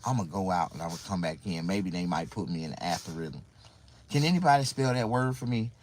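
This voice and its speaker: A man's voice: deep voice, expressive, a little fast, rough recording. A man talking casually to viewers on a livestream, rambling and repeating himself in mock confusion.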